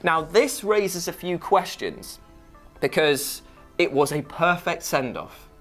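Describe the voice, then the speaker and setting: Chatty man, lively banter. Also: slow pace, faint music behind. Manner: animated, breaks into high mocking impressions. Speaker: wrestling news co-host. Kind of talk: casual chat.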